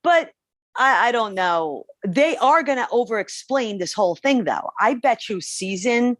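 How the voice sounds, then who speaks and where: A woman's voice: fairly high pitch, animated, moderate pace, fairly bright tone, dry recording. A woman co-hosting a podcast, chatting about a TV show in an amused, easygoing way. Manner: amused, chatty, laughs easily. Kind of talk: casual TV review chat.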